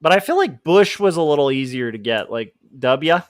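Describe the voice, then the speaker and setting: A man's voice: fairly high pitch, animated, moderate pace, no echo, studio quality. Rambling man chatting on a livestream. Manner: rambling and self-deprecating, with laughs. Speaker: livestream host and comic artist. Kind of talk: casual livestream chat.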